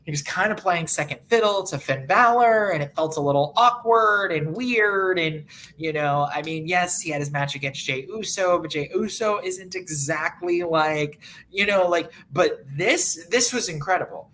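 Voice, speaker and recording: A man's voice: sits high, normal speed, few pauses, pushed and bright. A young man on a podcast giving his take on a wrestling match, rambling with fillers and restarts. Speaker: podcast co-host. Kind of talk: casual analysis chat.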